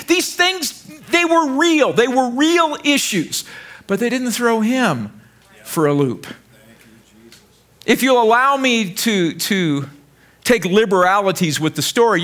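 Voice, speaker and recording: An American man preaching from the pulpit in a high voice. He is energetic and jokey, and he often repeats himself and trips over his words as he goes. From United States. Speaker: pastor. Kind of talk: sermon.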